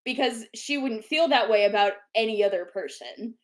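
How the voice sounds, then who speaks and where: A woman co-hosting a casual book club chat, animated and laughing often as she defends a series. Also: on the high side, normal speed. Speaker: podcast co-host.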